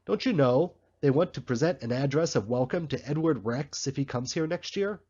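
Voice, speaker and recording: Guy doing a sardonic political loafer, husky, bit muffled. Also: medium pitch, lively intonation, normal speed, a little mellow. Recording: slightly muffled recording.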